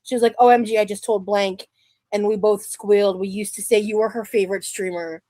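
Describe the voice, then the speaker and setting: A woman's voice: medium pitch, steady tone, warm tone. A young woman talks casually on her live stream, rambling and restarting her sentences. Her voice sits in a middle range. The sound is close and dry, with no room echo. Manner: rambling, halting, with many restarts and fillers.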